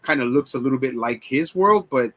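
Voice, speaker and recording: In a laid-back film review chat, a man in his forties co-hosting the podcast retells scenes with quoted voices, rambling and cursing as he goes. He speaks fairly quickly in a mid-range, fairly bright voice with lively intonation.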